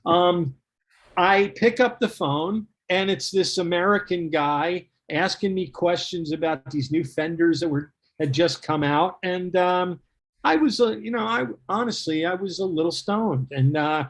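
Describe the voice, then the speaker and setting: A middle-aged man telling a casual anecdote, animated and laughing as he acts out what people said. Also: high voice, measured pace. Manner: animated, laughing storyteller who acts out quotes. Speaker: guest storyteller.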